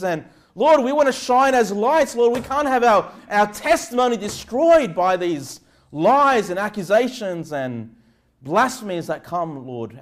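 A man preaching a conversational sermon, moving between casual asides and loud, emphatic passages of prayer and scripture. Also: high-pitched. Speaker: pastor.

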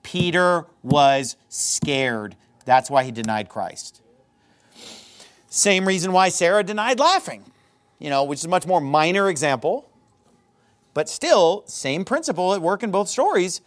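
A man's voice: high-pitched, big pitch swings, measured pace. A man preaching a sermon as pastor, emphatic and repetitive, hammering his points home.

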